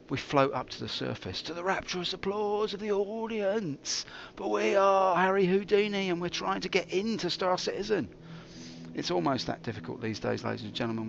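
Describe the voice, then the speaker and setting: A man streaming a game, telling theatrical, jokey stories with big swings in pitch. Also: vocal fry, fairly bright tone, lo-fi sound, slight background noise. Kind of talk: rambling live-stream commentary.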